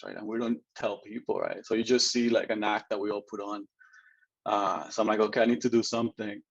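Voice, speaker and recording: Earnest lower-voiced man telling his story. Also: slightly rough, highs cut off. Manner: earnest, lots of "right?" and "like", laughs often. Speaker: guest. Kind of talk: personal story in an interview.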